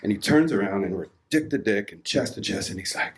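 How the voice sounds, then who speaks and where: A man's voice: fairly low pitch, expressive, fairly quick, few pauses. A man in his forties from Washington, D.C., telling a candid, self-mocking story live on a theatre stage. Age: 40s. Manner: candid, self-mocking, laughing through the tale.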